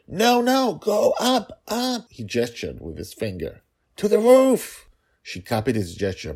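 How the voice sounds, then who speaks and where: A man's voice: on the low side, vocal fry, slightly rough, pitched above the performer's own voice, full character voice. A man stage-whispering as a frantic dragon father. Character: anxious dragon father, hushed urgent warnings.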